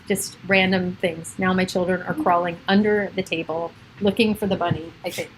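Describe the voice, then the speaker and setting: A woman's voice: on the low side, flat delivery, moderate pace, slight background noise, low-quality recording. A middle-aged woman hosting a casual livestream from her home, rambling and chatty, laughing often. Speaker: livestream host. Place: home with children and pets around.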